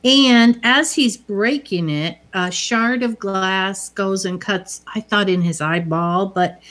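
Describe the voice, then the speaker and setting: A woman's voice: medium pitch, takes it slowly, fairly bright tone. A woman casually retelling a movie's scenes, quoting the characters as she goes. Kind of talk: casual movie recap chat.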